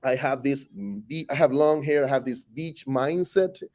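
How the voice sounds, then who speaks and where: This medium-pitched male voice moves at a moderate pace, belonging to a Costa Rican teacher in his forties whose native language is Spanish. Speaking with his home accent in a relaxed interview, he jokes a lot, stays animated, and keeps starting sentences over.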